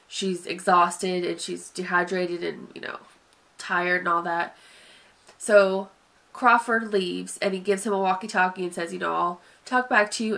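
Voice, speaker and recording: A woman's voice: mid-range voice, fairly bright tone. A woman with a sniffly nose giving a casual, hesitant spoken film review, sighing and wandering through her points with many fillers. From Southern United States. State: sniffly from allergies.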